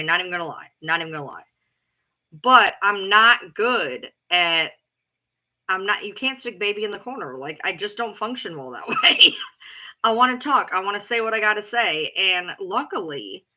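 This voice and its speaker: A woman talking in a casual rant to her followers, blunt and profane, repeating herself for emphasis and calling herself loud. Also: mid-range voice. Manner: loud, self-described alpha female. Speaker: live streamer. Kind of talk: casual ranting chat.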